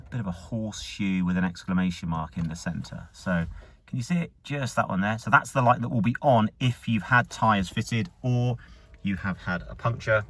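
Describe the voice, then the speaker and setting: Low-voiced man demoing a car screen. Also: fairly bright tone. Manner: plain step-by-step explaining while pointing things out. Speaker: car dealership staff presenter. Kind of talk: casual how-to demonstration. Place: inside a car.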